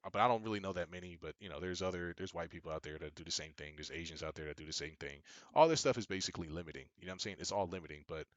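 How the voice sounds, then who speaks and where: A man's voice: sits low, a bit bright, no room sound. A young adult man giving an emphatic, preachy monologue, often repeating himself. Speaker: business coach. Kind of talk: casual monologue commentary.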